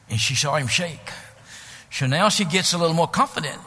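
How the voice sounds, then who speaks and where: A man preaching a sermon as pastor, building to shouts and dropping to hushed, drawn-out lines. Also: a little high, animated, husky, in a large hall.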